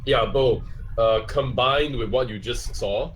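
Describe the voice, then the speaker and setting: A man's voice: medium pitch, a little slow, a little hiss or hum. A man running a tabletop game as game master, narrating scenes in a rambling way with many fillers. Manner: rambling, full of fillers and restarts.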